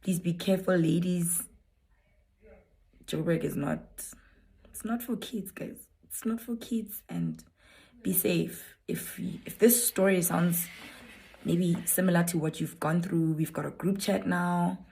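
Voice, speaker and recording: Gravelly low-voiced South African woman. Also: lively intonation, measured pace, warm tone. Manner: candid, rambling, code-switches into Setswana. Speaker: vlogger telling her own story. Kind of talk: storytime vlog, chatty retelling to viewers.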